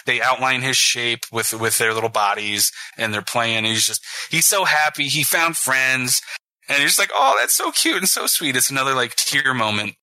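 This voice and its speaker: A man's voice: mid-range voice, moderate pace, bright, forceful tone, dry recording, rough recording. A man co-hosting a podcast, chatting casually about a movie, enthusiastic, swearing and acting out scenes. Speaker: podcast co-host. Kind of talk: casual movie review chat.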